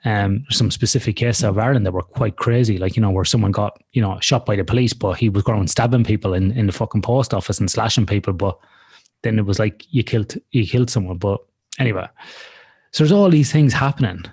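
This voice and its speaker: A man with a low, husky voice co-hosts a podcast in loose, casual chat. He talks frankly, swears freely and wanders from one example to the next. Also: a little fast, a little mellow. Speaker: podcast co-host. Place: lives in Australia.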